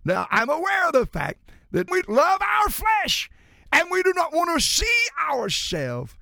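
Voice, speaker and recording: High gravelly preacher guy, big swings up and down, slow and dramatic, dry close sound. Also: wildly swooping pitch, no room sound. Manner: emphatic, dramatic swings from shouts to low drops. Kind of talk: sermon.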